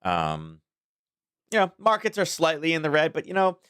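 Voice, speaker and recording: A man's voice: on the high side, huge pitch swings, normal speed, a bit bright, smooth, no room sound, clean studio sound. A man hosting a casual daily market commentary stream, talking in a rambling, chatty way with frequent chuckles.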